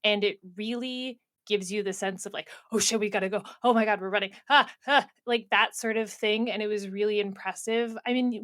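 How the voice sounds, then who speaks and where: Young woman, smooth voice, emphatic, enthusiastic book chat, dry mic. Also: mid-range voice, dry recording. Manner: animated and emphatic, gushing about the book. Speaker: podcast co-host. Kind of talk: casual book discussion.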